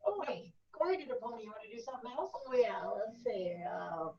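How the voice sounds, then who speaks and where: A woman with a lively, swooping voice, heard from a distance over dull call audio with other people chattering around her. She starts out hesitant and then throws herself into lively animal noises. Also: a little high, brisk, crowd noise. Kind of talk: casual video-call singalong. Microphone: video call.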